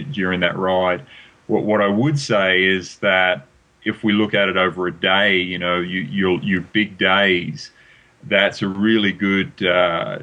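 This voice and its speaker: Low-voiced Australian-born coach. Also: male voice, pushed and bright, low-quality recording. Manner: halting, full of fillers. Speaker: guest coach. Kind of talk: casual interview answers.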